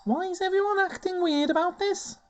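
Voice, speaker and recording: A man's voice: very high voice, fairly quick, pitched above the performer's own voice. Man doing a sassy Scouse elf girl. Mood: indignant. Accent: put-on Scouse. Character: spirited young female winged elf, bratty.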